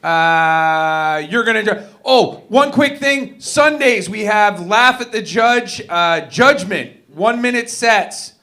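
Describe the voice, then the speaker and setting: A man emcees a comedy night from the stage with upbeat, loose patter. His voice is high and bright. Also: slow pace, hardly any pauses. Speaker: comedy show host.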